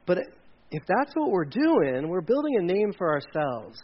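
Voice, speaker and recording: A man's voice: high voice, sing-song, a little slow. A man preaching a sermon in a playful, joking way, leading the audience with volunteers on stage in a church. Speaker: pastor. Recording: dull lo-fi sound.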